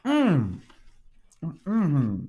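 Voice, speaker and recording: A man hosting a casual gossip commentary show, telling stories in an animated, profane, dramatic way. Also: on the high side, drawn-out words, highs cut off. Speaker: host.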